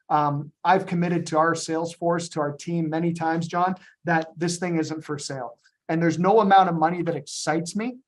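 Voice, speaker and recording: A man leading a business presentation on a group call, animated and storytelling, with frequent ums and retold dialogue. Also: fairly high pitch. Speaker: company founder presenting to agents on a call.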